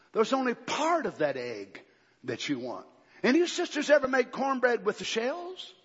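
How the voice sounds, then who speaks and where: In an echoey church hall, captured on dull lo-fi audio, a man delivers a fiery sermon with a slightly breathy edge. He sinks to low murmurs, then climbs to shouted climaxes punctuated by calls of amen.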